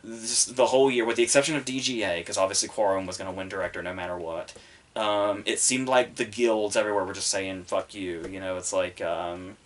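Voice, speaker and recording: A man's voice: fairly low pitch, a little fast. A man hosting a podcast, giving casual solo commentary in a rambling, profane way full of fillers. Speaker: podcast host reviewing the Oscars.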